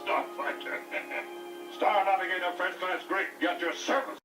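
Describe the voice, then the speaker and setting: A man's voice: sits high, steady tone, measured pace, echoey room. An actor playing a polite, formal male alien navigator, in a film clip heard from far off with music behind.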